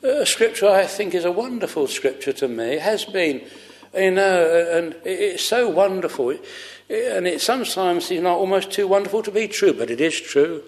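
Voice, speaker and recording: A man's voice: high voice, animated, moderate pace, big-room sound. A man preaching a sermon fervently, repeating his phrases for emphasis.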